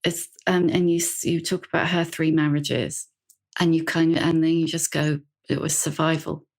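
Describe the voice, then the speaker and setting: A woman's voice: sits low, flat delivery, moderate pace, creaky, darkish tone. A woman hosting a podcast, a reflective interviewer who gropes for words as she thinks. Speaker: podcast host. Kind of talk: conversational interview.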